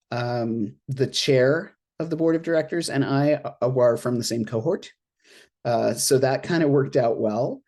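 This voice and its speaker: An interfaith minister speaks on a panel from home over a video call. The delivery is casual and chatty, with frequent laughs and little acted-out asides. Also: mid-range voice. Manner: chatty and expressive, laughs often, acts out reactions in quoted asides. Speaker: interfaith minister and board treasurer on an alumni panel. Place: at home in an apartment.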